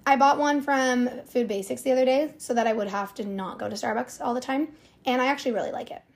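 A woman's voice: high voice, quick pace, vocal fry. Chatty young woman, rambling and upbeat. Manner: chatty, rambling with many fillers. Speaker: podcast co-host. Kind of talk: casual chat.

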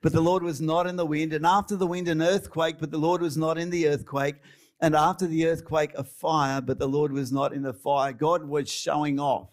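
Australian man, preacher, sermon, higher voice, chatty asides. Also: steady tone, moderate pace. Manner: chatty, laughing asides, dramatic storytelling.

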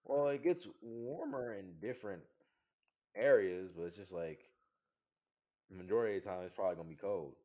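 A man's voice: sits low, a little fast, pauses often, mellow. A young man co-hosting a podcast in casual chat, laid-back and teasing. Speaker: podcast co-host.

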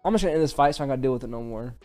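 A man's voice: mid-range voice, rapid-fire, mellow, soft background music, natural voice. A man voicing a cocky, impulsive teenage boy fighter with slangy, dismissive talk.

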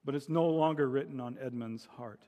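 A man's voice: mid-range voice, normal speed, warm tone, in a large hall, muffled recording. A male pastor preaching a sermon and telling a story, his voice climbing into dramatic cries when he voices the pleas of the people in it.

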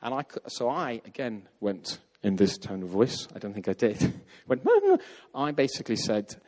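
A man telling a story in a sermon, lively and acting out the voices of the people in it. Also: fairly low pitch, a little fast. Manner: animated, acts out quoted voices. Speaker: preacher. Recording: long hall reverb.

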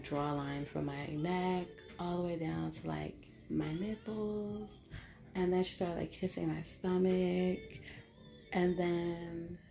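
A woman's voice: on the low side, vocal fry, warm tone. A woman telling a candid story to her viewers in a casual, blunt way, with a lot of "like". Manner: candid, blunt, heavy use of filler "like".

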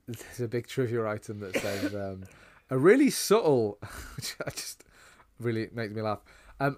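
A man's voice: fairly low pitch, darkish tone. Man with dry sarcastic podcast banter. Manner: dry, sarcastic, full of ums. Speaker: podcast co-host. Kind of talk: casual movie review chat.

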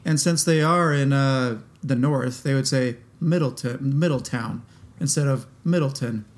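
A podcast co-host chats casually in a medium-pitched male voice at a moderate pace. He comes across easygoing and playful, laughing along with the conversation.

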